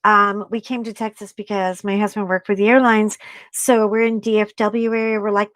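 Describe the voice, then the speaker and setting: A woman hosting a casual craft live stream, chatting excitably with viewers and breaking into gasps and "oh my God" exclamations. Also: mid-range voice, dry recording.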